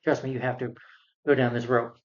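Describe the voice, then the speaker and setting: A man's voice: mid-range voice, little pitch movement, a little fast, dull audio, natural voice. A man voicing a defiant young male superhero, earnest and firm. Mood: urgent.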